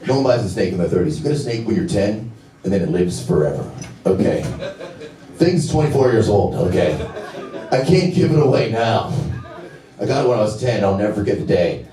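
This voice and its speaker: A man in his thirties doing a crude, brash stand-up set with deadpan asides on a comedy club stage. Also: lowish voice, a little fast. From United States. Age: 30s. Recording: roomy club audio from a distance. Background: audience laughter.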